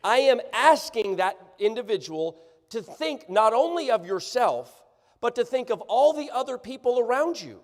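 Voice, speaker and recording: A man preaching a sermon, sarcastic and animated, often checking that the congregation follows him. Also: very high-pitched, moderate pace. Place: church sanctuary. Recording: church livestream, long hall reverb.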